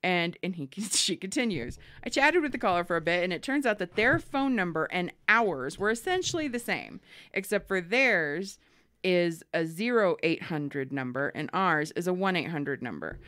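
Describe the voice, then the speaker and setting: A woman co-hosting a casual podcast, telling stories with a lively, rising and falling voice. She slips into little character voices for the people in her anecdotes. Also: on the low side, moderate pace. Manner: animated, acts out voices in stories. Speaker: podcast co-host. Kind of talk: casual storytelling chat.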